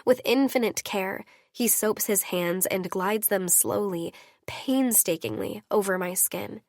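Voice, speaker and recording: A woman's voice: mid-range voice, measured pace, a little mellow, dry recording, studio quality. A woman narrating a romance audiobook in an intimate first-person reading.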